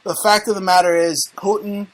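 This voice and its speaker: A man's voice: high-pitched, steady tone, brisk. An American man hosting a casual talk show, speaking in a brash, boastful and profane way. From United States. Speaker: host.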